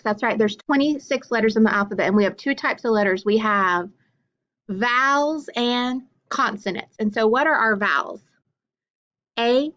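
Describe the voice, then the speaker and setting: Woman, teacher, phonics drill, slow deliberate letters, higher voice, dull lo-fi sound. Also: a bit bright. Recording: dull lo-fi recording.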